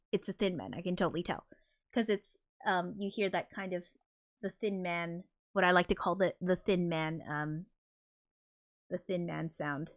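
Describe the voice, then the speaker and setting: A woman hosting a casual livestream, flustered and apologetic as she talks, swearing under her breath. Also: on the low side. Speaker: livestream host.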